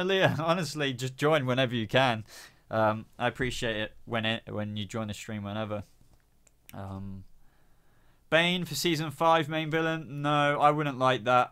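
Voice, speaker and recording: A man's voice: mid-range voice, fairly bright tone, clean tone. A young man with a cold, hosting a live stream and chatting casually as he reads out viewer comments, rambling with many fillers. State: has a cold.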